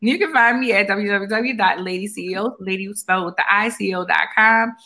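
A woman's voice: medium pitch, fairly quick, pushed and bright. A woman co-hosting a podcast in casual chat, rambling with fillers and sounding tired. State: tired, yawning. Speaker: podcast co-host.

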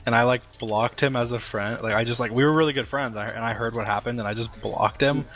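A young man chatting casually as a guest, telling old stories in a halting, hesitant way. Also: medium pitch, a crowd in the background. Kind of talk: casual chat.

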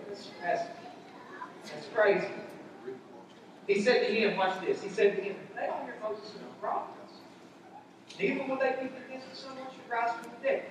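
Man, pastor, sermon, very high voice, repeats points, heavy echo, distant mic, large church auditorium. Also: a little hiss or hum. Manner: conversational preaching, repeats points for emphasis. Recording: echoey hall, heard from far off.

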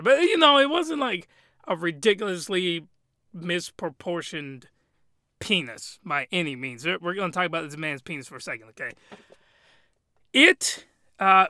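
A man's voice: sits high, pushed and bright, clear, resonant tone, no echo, studio quality. A man giving a crude, rambling and exasperated comedic recap of an anime. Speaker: anime reviewer.

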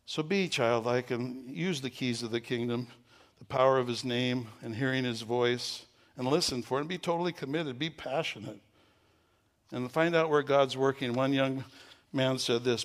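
At normal speed and medium pitch, a man preaches as a pastor. He leads prayer and tells his congregation a story, building to loud excitement at its climax.

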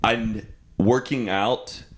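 A man's voice: fairly low pitch, steady tone, extremely slow. A man hosting a casual podcast chat, chatty and open, asking questions and sharing personal updates. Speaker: podcast host.

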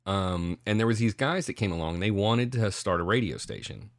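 A middle-aged man co-hosting a podcast, telling stories in a casual, profane, animated way. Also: fairly low pitch, normal speed, no room sound, clean studio sound. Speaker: podcast co-host. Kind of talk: casual chat.

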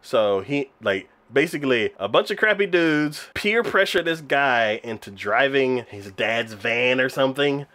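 A man's voice: mid-range voice, animated, a little slow, few pauses, pushed and bright. A man casually recapping a show's scenes, with many fillers and frequent laughter. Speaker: podcast co-host reviewing anime. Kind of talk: casual chat.

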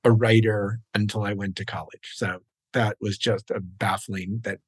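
A man's voice: lowish voice, level tone, normal speed, slightly rough, no room sound. A middle-aged man from New Jersey, a screenwriter guest, talking in a genial, self-deprecating way with frequent fillers. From New York, raised in New Jersey. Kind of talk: casual interview.

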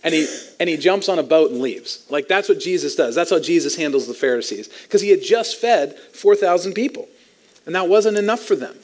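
A man preaching to his congregation in a lively, animated way. His voice sits a little higher than most men's. He teaches with easy chuckles along the way. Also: a little fast. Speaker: pastor. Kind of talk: sermon.

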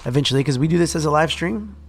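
A man's voice: a little high, lively intonation, rapid-fire, a crowd in the background. Friendly, rambling male show co-host. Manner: friendly, rambling, repeats words with light laughs. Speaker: co-host of a live-streamed show. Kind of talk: casual chat.

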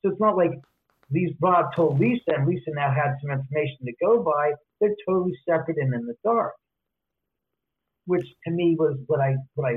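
A man telling stories as an interview guest, lively, acting out the voices of people he quotes. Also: a little high. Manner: animated, acts out quoted voices. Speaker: author and guest. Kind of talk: casual storytelling interview. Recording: tinny phone-line audio.

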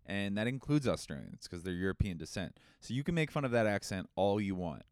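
A man's voice: lowish voice, very animated, brisk, clean tone, no room sound, studio quality. A young man co-hosting a podcast in casual comedic chat, joking and slipping into silly voices. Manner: jokey, slips into silly put-on voices. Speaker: podcast co-host.

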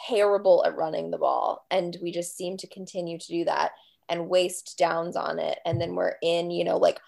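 A woman's voice: on the low side, level tone, normal speed, gravelly, darkish tone. A woman guest on a podcast, chatting casually and bluntly about her college football team. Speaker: guest fan.

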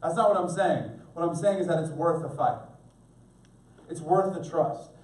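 A man's voice: a little high, normal speed, darkish tone. A middle-aged male pastor preaching an earnest sermon, speaking directly to his congregation. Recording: echoey room, mic at a distance.

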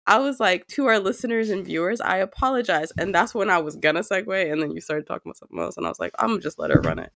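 A young woman co-hosting a casual podcast, hoarse from a cold, swearing and joking freely. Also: on the low side, wildly swooping pitch, racing, few pauses, a bit bright, dry recording. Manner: profane, joking, laughs often. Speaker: podcast co-host.

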